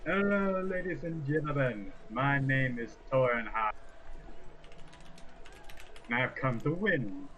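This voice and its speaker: A cocky dwarf wrestler who booms his own name and taunts his rival like a showman, as a man puts him on. His voice is mid-range and pushed loud. A faint hiss of noise sits under the recording. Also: animated, takes it slowly, pauses often, dull audio. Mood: brash boasting. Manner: brash, booming, trash-talking. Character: boastful male dwarf wrestler, booming showman.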